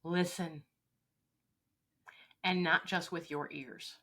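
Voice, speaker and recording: Woman coach being interviewed, bright punchy voice, earnest and emphatic. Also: fairly low pitch, fairly even intonation, slow pace. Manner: earnest, emphatic, acts out little dialogues. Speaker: leadership coach, guest. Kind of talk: interview conversation.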